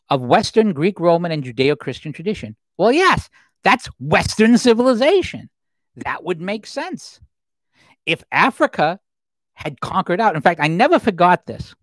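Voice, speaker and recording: A man's voice: a little high, dry recording, rough recording. 50s guy ranting on his livestream, voice jumps around a lot, dry close mic. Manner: rambling, conversational, with restarts and asides. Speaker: livestream host. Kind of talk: solo political commentary livestream.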